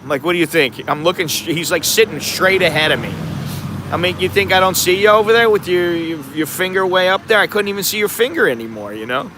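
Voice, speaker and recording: An American man vlogging at an outdoor night market, telling a rambling story with chuckles and growing animated. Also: high-pitched, quick pace. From United States. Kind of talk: casual storytelling vlog. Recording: faint outdoor street noise. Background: traffic and street noise.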